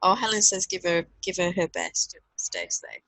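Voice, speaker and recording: A woman's voice: fairly low pitch, big pitch swings, normal speed, gravelly, fairly bright tone, no room sound, low-quality recording. A middle-aged woman with a Northern English accent, co-hosting a casual online chat and reading out viewer comments. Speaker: co-host. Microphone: video call.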